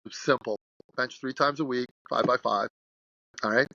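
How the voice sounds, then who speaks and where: Man, 60s, coach guest: gravelly and sharp, animated and blunt, dry muffled recording. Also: mid-range voice, moderate pace, dry recording. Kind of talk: podcast interview storytelling.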